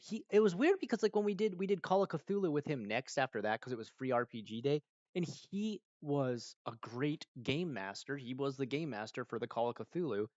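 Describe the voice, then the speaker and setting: A man's voice: mid-range voice, no echo, dull audio. A man chatting casually on a live stream, rambling through a story with many fillers and acting out other people's lines. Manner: rambling, animated, many fillers, acts out quotes. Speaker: streamer answering viewer questions.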